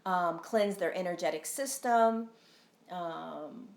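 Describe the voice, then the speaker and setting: Slow and lowish with vocal fry, a woman's voice echoes in a reverberant space as she speaks through a phone. She's a spiritual teacher on a live stream, casual, earnest and rambling, often using ums and tag questions.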